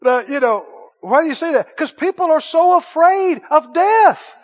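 High-voiced animated male preacher. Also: moderate pace, highs cut off. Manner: animated preaching, swings from hushed to shouting. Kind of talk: sermon.

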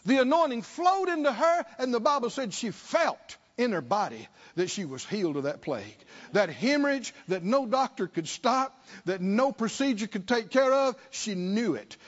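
Very high in pitch and swinging widely up and down, the man's voice moves at a moderate clip with hardly any pauses. He preaches using repetition, rhetorical questions and appeals for the congregation to reply. The lo-fi recording sounds dull.

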